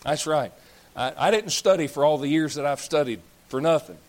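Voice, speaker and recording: A man's voice: a little high, normal speed, darkish tone. A man, preaching a blunt, folksy sermon as pastor, scolding and joking with his congregation. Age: 30s. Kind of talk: fiery sermon.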